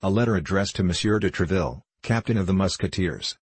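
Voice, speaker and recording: A man's voice: sits low, quick pace, husky, dry recording. A man reading the part of a deferential, fearful innkeeper in an audiobook. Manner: deferential, humble. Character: fearful fawning middle-aged innkeeper.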